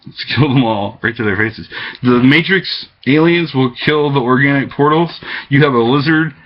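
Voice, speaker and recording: A man's voice: medium pitch, moderate pace. A man giving an agitated, rambling monologue to his webcam, jumping from topic to topic. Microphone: webcam microphone. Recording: dull lo-fi webcam audio.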